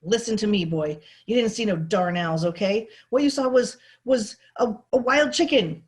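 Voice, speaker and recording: A woman reading aloud voices a hotheaded bald male construction foreman who hollers and blusters in rough, ungrammatical speech. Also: mid-range voice, lively intonation, fairly quick, voice pushed up. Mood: flustered.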